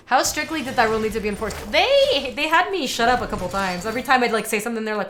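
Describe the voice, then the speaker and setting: A woman's voice: on the high side, animated, quick pace, few pauses, fairly bright tone, soft background music. A young woman giving casual commentary on a card game, chatting with viewers as she plays. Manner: chatty, talks to viewers and chat while playing. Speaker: streamer playing a card game.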